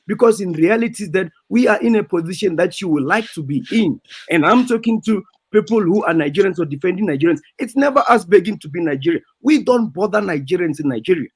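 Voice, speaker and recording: A man's voice: sits high, lively intonation, a little fast, few pauses, slightly rough. A man, calling in to a talk show with a combative, lecturing rant. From South Africa. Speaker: caller. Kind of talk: heated call-in rant.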